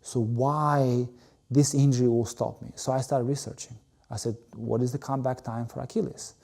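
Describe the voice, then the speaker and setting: A man's voice: mid-range voice, steady tone, moderate pace, creaky, a little mellow. A man, a guest telling his story emphatically in an interview, full of "you know" and repeated words. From Albania. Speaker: interview guest, former volleyball player. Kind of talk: animated storytelling in conversation.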